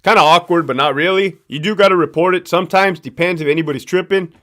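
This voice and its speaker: A man's voice: on the high side, quick pace, a bit bright. A man from Southern California with a local accent, hosting a casual live stream and answering viewer questions in a slangy, profane, loose storytelling way. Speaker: livestream host, former prison guard.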